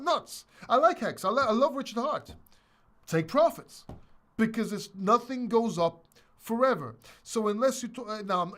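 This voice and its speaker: A man hosting a live crypto question-and-answer stream, speaking bluntly and emphatically, repeating points and swearing, a little short of breath from being sick. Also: sits high. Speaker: crypto channel host. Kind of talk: live stream Q&A, opinionated rant.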